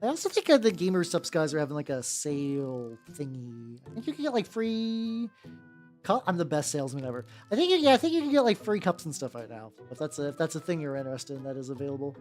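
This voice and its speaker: A woman with a gentle, relaxing voice chats casually at a desk mic while painting miniatures on stream. She rambles, restarts her sentences and swears offhandedly. Her pitch sits low for a woman, and faint background music plays underneath. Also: big pitch swings, fast. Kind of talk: casual chat.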